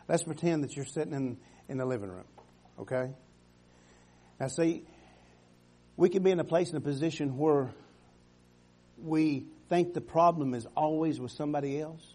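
A man preaching a sermon with fervor, swinging from loud exhortations to soft, quiet passages. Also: on the high side, breathy edge. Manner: fervent, rising to loud exhortations, dropping to soft tones.

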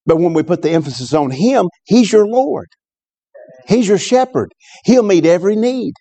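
A man preaching a sermon as a pastor, fervent and repetitive, often rising sharply in pitch when he stresses a point. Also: lively intonation, normal speed, mellow, no echo. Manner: fervent, repeats words, rises in pitch on exclamations. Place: church service.

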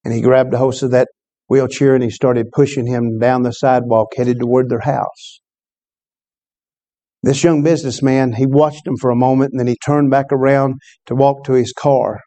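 A male preacher tells a story from the pulpit. His tone is mellow and warm, and his pitch sits in an ordinary middle range. He speaks conversationally and breaks off now and then to ask the congregation a question. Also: fairly even intonation, normal speed. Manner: storytelling preacher, conversational with call-and-response asides. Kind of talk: sermon.

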